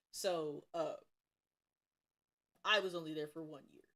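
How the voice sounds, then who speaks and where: A young woman from Cincinnati, streaming while she draws, tells school stories in a casual, profane, animated way with bursts of laughter. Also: low-pitched, fairly quick, pauses often. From Cincinnati, USA. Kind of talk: casual storytelling while drawing.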